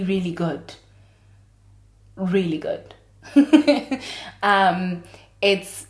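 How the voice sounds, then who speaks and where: A woman's voice: fairly low pitch, roomy sound. A woman in her late twenties hosting a podcast, telling stories in a chatty, dramatic way and laughing often. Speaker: podcast host. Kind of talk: casual podcast monologue.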